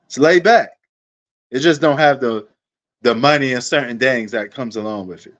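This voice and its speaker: A man's voice: mid-range voice, normal speed, fairly bright tone, dull audio. A man hosting a sports livestream, rambling in a laid-back, casual way and talking straight to his viewers.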